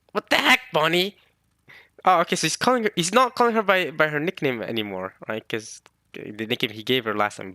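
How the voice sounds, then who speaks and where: Young guy reacting to a manga chapter, hyped and laughing, bright dry close mic. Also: medium pitch, dry recording. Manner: excitable, laughing, slangy. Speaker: reaction channel host.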